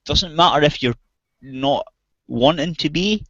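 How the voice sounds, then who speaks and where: A man from outside the US rants angrily in a casual chat, swearing heavily. His voice sits on the high side, unhurried and a bit bright, and the voice-chat audio sounds dull and dry.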